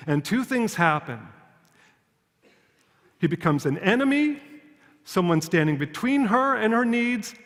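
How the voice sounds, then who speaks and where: A man giving a prepared public talk in a measured, storytelling manner with rhetorical questions. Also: high voice, in a large hall. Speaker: public speaker.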